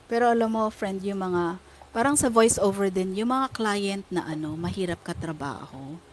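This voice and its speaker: A woman with a Filipino accent, hosting a podcast in lively, casual chat that mixes Filipino and English. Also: mid-range voice, normal speed, a little hiss or hum. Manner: animated, code-switching between Filipino and English. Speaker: podcast host.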